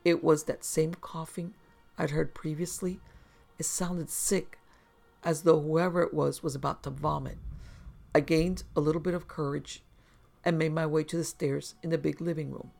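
A deeply gravelly, creaky narrator reads scary first-person stories in a steady, measured way, at a middling pitch. Faint music plays underneath the voice throughout. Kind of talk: scripted horror story narration.

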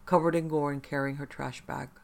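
Over a faint music bed, a narrator relates a horror story in the first person, pausing slowly for dramatic effect in a dry, measured way. The mid-range voice is flat and carries vocal fry.

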